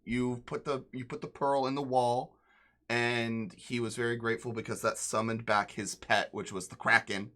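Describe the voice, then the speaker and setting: A man's voice: mid-range voice, little pitch movement, normal speed, a bit bright. A man narrating as game master of a tabletop game, in a rambling way with many fillers and restarts.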